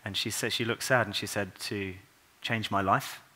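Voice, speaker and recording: A man preaching a Christmas sermon in a church, earnest and unhurried, dropping to a soft, quiet voice for tender passages. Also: on the low side, fairly even intonation.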